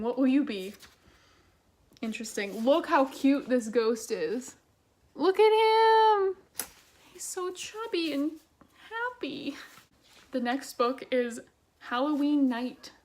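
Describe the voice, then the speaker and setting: A young woman casually reading children's books aloud and adding chatty, sarcastic commentary. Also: a little high. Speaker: book vlogger.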